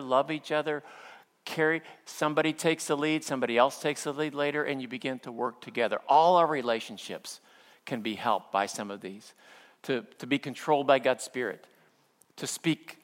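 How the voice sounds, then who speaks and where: A middle-aged male pastor preaching a sermon, telling stories with playful humor and acting out quotes, then slowing down for earnest points. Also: mid-range voice, fairly bright tone. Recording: long hall reverb.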